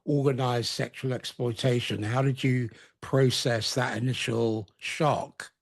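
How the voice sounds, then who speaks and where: A man's voice: mid-range voice, steady tone, measured pace. Man asking probing interview questions. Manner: asks reflective, probing questions. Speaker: podcast host.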